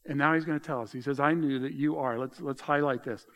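A man preaching a sermon in a conversational, animated way, swinging from loud to quiet. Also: mid-range voice, fast talker, hardly any pauses. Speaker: pastor.

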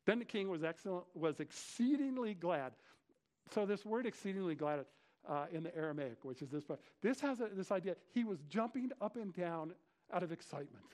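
A male pastor giving a conversational sermon, retelling scripture with lively slang asides. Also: high voice, brisk. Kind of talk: expository sermon.

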